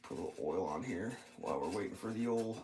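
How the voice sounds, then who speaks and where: A man casually telling a rambling home story over breakfast, getting animated and breaking into silly voices when excited. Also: sits low, fast talker, vocal fry. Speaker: vlogger.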